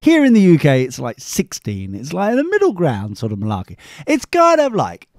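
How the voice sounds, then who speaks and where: A man's voice: medium pitch, huge pitch swings, a little fast, dark tone, no room sound, clean studio sound. A tired man, hosting a live podcast in a rambling, scatterbrained, self-mocking way. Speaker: podcast host. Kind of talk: rambling live-show chat.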